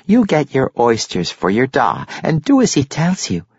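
A man's voice: mid-range voice, huge pitch swings, moderate pace, husky, no room sound, voice pushed up, full character voice. A man voicing a curt halfling barkeep woman. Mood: curt, dismissive. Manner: curt, dismissive and threatening. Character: brusque, dismissive female halfling barkeep. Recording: dry, slightly muffled lo-fi recording.

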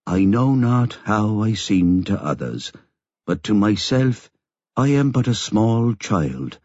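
A Catholic priest with a gentle Irish accent reads solemnly at a graveside, voiced by a man. His voice is husky and lively in pitch. The recording is dry and dull. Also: slow, dry recording, exaggerated voice. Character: middle-aged Catholic priest reading at a funeral.

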